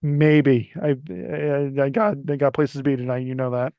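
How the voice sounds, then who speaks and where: A man's voice: medium pitch, moderate pace, clean tone, no room sound, muffled recording, close to an everyday voice. A man voicing a guarded young man in his early twenties, stammering and apologetic.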